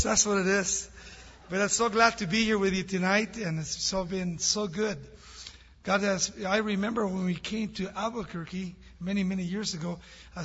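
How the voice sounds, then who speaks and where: A man's voice: high-pitched, slightly rough. A man guest preaching a sermon with a storyteller's manner, heard from a large church hall. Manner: warm storytelling, laughs with audience. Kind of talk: sermon with jokes. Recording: dull reverberant church hall recording.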